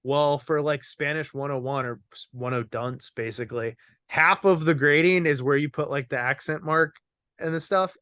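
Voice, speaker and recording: A man's voice: on the high side, normal speed, pushed and bright, smooth, no room sound, clean studio sound. A young man hosting a casual comedy podcast, telling rambling joking stories and laughing often. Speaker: podcast host.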